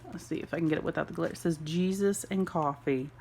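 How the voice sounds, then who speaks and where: A woman filming an excited unboxing vlog at home, gushing and gasping with delight over each gift. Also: fairly low pitch, moderate pace, a little hiss or hum. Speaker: homeschool mom vlogger.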